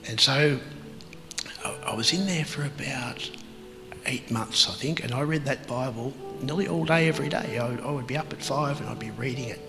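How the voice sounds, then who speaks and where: A man telling his life story as an interview guest, halting and reflective, with many pauses and fillers. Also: medium pitch, gravelly, in a large hall, music in the background, poor audio. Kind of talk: personal testimony in an interview.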